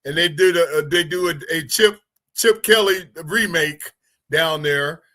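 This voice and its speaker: A man's voice: fairly high pitch, a little slow, bright, forceful tone. A man co-hosting a sports radio show, playful and agreeable with folksy sayings. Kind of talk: casual sports talk debate. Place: radio studio.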